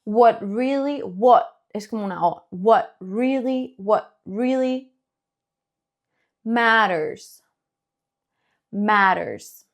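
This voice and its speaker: A woman from Spain with a Spanish accent, teaching English pronunciation, stretching words out slowly to model them. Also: mid-range voice. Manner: slow drawn-out modeling of words, then quick explanations. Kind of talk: bilingual language lesson.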